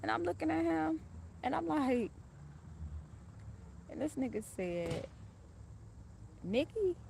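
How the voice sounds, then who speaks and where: A woman's voice: sits high, big pitch swings, unhurried, gravelly, darkish tone, a little hiss or hum. A woman casually telling a personal story in a candid, profane, rambling way.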